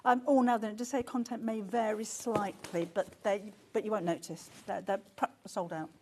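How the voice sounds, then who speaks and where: A woman presenting a live shopping channel, chatty and excitable, often gasping and laughing as she talks. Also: medium pitch, moderate pace, a little hiss or hum. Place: TV studio.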